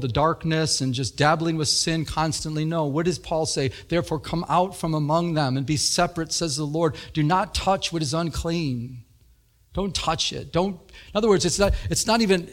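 A male pastor preaches a sermon in a church with earnest intensity. He repeats himself frequently and raises his pitch to emphasize his points.

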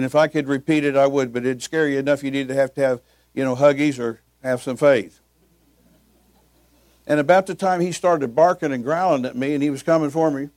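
An older male pastor preaches in a folksy, storytelling way, chuckling between his anecdotes. His voice sits fairly high for a man. The sound is dry and close. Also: a little mellow, dry recording. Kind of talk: sermon with storytelling.

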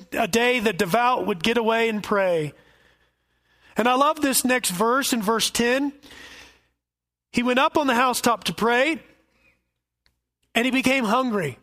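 A man's voice: very high-pitched, sharp tone. A male pastor giving an expository sermon with folksy asides and jokes.

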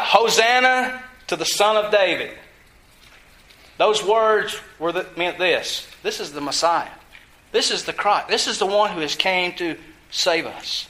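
A man preaching a sermon, teaching from scripture with emphasis and putting questions to his listeners, drawing some words out slowly for stress. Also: high-pitched, sharp tone, rough recording. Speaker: pastor.

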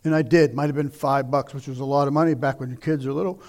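A middle-aged male pastor preaching a sermon, telling stories and asking questions, dropping to near whispers and rising to shouts. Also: medium pitch, steady tone, fast talker. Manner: dramatic, swings from hushed near-whispers to shouting; conversational storytelling with rhetorical questions.

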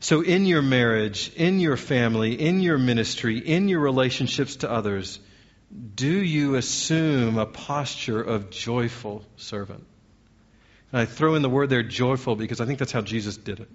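A man's voice: mid-range voice, normal speed, lo-fi sound. A man preaching as a pastor, earnest, putting question after question to his congregation. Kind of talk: sermon.

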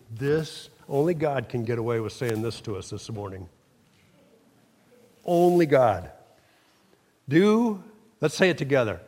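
A man's voice: mid-range voice, a little mellow. Preaching man in a reverberant hall. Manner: emphatic call-and-response preaching. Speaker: pastor. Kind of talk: sermon. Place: church sanctuary.

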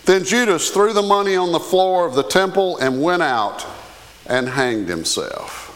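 A man with a Southern US accent preaching a sermon as pastor, folksy and animated with touches of humor. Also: high voice, unhurried, in a large hall.

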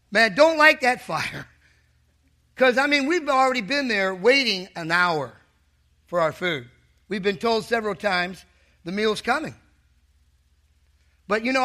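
Man, pastor, sermon, humorous, teasing, high-pitched, bright tone. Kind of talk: sermon with storytelling.

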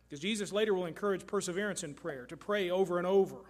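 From the pulpit, a middle-aged Kentucky pastor preaches quickly, his voice pitched high for a man. He is earnest and emphatic, repeating phrases to hammer each point home.

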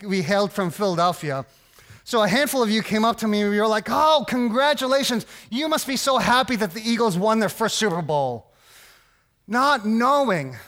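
A man's voice: high voice, a bit bright. A man preaching a sermon as a pastor, casual and rambling, with lots of restarts and asides, asking "right?" often.

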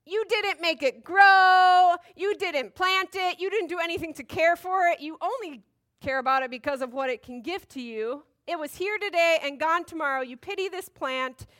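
A woman's voice: extremely high pitch, normal speed, fairly bright tone. A woman voicing God as a patient male deity who reasons with emphasis, in a casual Bible talk. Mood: reproving.

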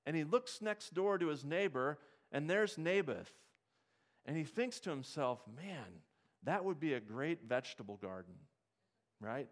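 A man preaching a sermon in a church, retelling scripture stories with lively asides and questions to his congregation. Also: fairly high pitch, a little slow. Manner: storytelling preacher, asks the congregation questions, acts out the story's characters. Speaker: pastor.

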